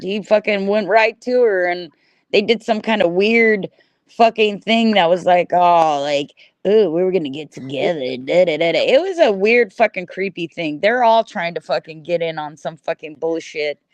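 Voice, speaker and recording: A woman's voice: medium pitch, moderate pace, no echo. Profane, combative middle-aged woman ranting. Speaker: livestream host. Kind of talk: angry ranting livestream chat.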